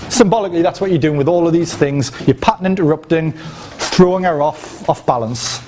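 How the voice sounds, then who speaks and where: A man's voice: on the high side, fairly quick, a little mellow, slight background noise. A man teaching a casual, profane seminar to a live audience, peppering his talk with "right?" and demonstrating as he speaks. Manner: loose, chatty and profane, with frequent "right?" tags and physical demonstrations. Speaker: dating coach teaching a seminar.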